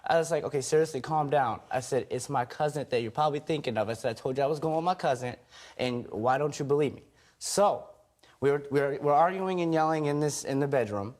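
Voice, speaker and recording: Man, fairly high voice, rambling courtroom testimony, acts out quoted lines. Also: fast, a little mellow. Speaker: husband in a TV court case.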